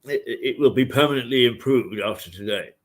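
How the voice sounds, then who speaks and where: A man hosting a morning talk show from a hotel, rambling and halting with many fillers. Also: medium pitch. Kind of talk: casual chat. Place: hotel room.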